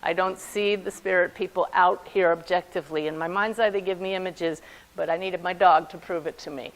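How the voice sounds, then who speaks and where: Woman telling lively stories to an audience. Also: on the low side, a little fast, poor audio. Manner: animated anecdotes with frequent laughter. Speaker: medium giving a talk. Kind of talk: storytelling talk to an audience.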